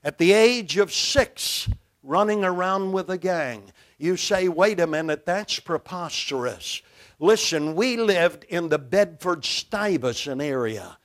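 Emphatic high-voiced older preacher. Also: male voice, lively intonation, measured pace. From Brooklyn, New York. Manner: emphatic, dramatic swings in loudness. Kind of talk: sermon. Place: church, behind a pulpit.

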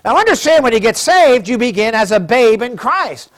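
A man preaching a sermon as pastor, reading scripture aloud slowly and with emphasis. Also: extremely high pitch, sing-song.

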